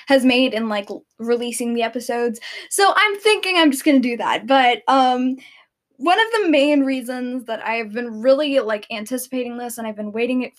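A teenage girl vlogging, chatting casually and rambling with many fillers and restarts. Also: high-pitched. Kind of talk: casual chat.

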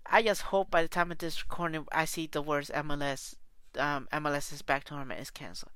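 A woman's voice: deep voice, brisk, a bit bright, clear, resonant tone, no room sound. A woman soccer fan podcaster delivering a heated, profane, repetitive solo rant.

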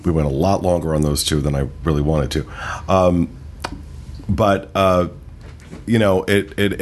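Deep-voiced man hosting a chatty podcast. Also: darkish tone. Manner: rambling, enthusiastic, many fillers. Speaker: podcast host. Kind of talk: casual podcast discussion.

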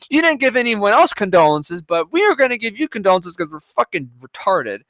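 A man hosting a solo podcast in a fairly high, lively voice that swings up and down. He reads headlines and cuts in with profane, sarcastic jabs. The sound is dry and close. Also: brisk, hardly any pauses, no room sound. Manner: profane, sarcastic, mocking asides. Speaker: podcast host. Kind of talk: solo commentary reading headlines.

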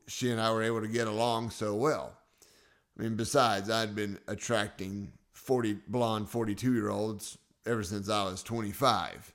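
Chatty, self-joking male podcast host. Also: on the low side. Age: 40s. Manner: chatty and self-joking, chuckles at his own lines. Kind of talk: casual podcast monologue telling personal stories. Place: podcast studio.

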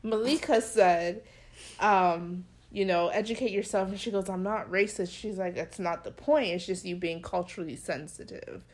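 A young woman on a podcast, one of the co-hosts, speaks in a medium-pitched voice at a moderate pace. She's chatting casually and animatedly tells a story, acting out the people she quotes.

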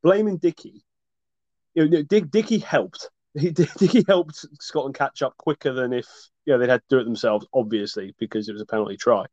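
Bloke ranting about rugby, swears a lot, muffled dry sound. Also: male voice, mid-range voice, fairly quick, a little mellow, no echo. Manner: passionate, ranting, swears freely. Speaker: podcast co-host. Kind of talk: casual sports chat. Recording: dull lo-fi dry recording.

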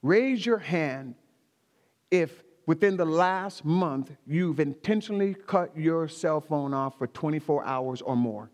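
A man's voice: fairly high pitch, lively intonation, a little slow, long reverb tail. A man preaching a sermon, speaking emphatically, repeating key phrases and talking directly to the congregation in a church. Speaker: pastor.

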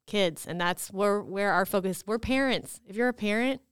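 A woman from California co-hosting a podcast, talking in an earnest, measured way with many fillers. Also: mid-range voice, smooth, no room sound, studio quality. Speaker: podcast co-host. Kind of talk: casual chat.

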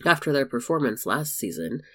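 A man voicing a reckless, playful young wizard who speaks loudly and insistently. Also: mid-range voice, sing-song, normal speed. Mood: teasing.

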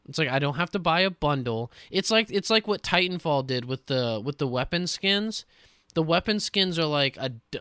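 A man ranting excitedly on a casual gaming podcast, swearing often. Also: on the high side, smooth, no echo, studio quality. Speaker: podcast co-host.

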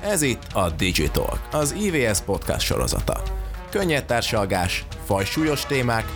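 Lively low-voiced announcer over music. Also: male voice, normal speed. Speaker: show intro announcer. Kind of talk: scripted promo narration.

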